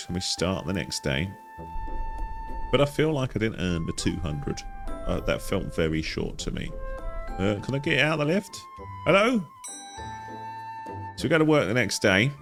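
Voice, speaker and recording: A man's voice: on the low side, fairly bright tone. A man hosting a casual game walkthrough, chatting wryly and thinking aloud. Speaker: gaming channel host.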